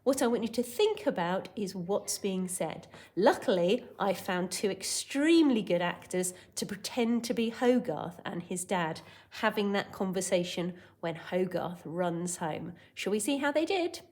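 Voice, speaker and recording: A woman primary school teacher giving a recorded lesson, dictating sentences clearly and word by word. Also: medium pitch, expressive, a little slow, few pauses, darkish tone.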